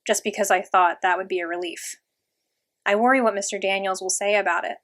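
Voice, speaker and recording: A woman's voice: mid-range voice, fairly even intonation, a little fast, a bit bright. Woman reading a storybook aloud. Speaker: audiobook reader. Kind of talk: first-person storybook narration.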